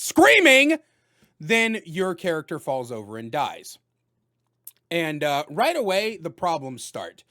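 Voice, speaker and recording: A man giving a casual spoken video game review, talking loudly with jokes and animated delivery. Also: a little high. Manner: loud, animated and joking.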